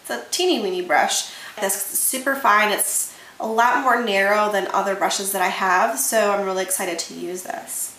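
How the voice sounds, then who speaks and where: A woman's voice: mid-range voice, normal speed, pushed and bright. A young woman chatting casually about makeup she bought, gushing and enthusiastic, repeating words for emphasis. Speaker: beauty vlogger. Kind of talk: casual haul chat. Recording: echoey room with faint hiss.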